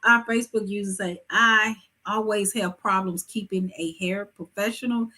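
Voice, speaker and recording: Husky woman hosting a lively talk show. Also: medium pitch, moderate pace. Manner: lively, preachy advice with emphatic asides. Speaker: host. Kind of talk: live-stream talk show chat.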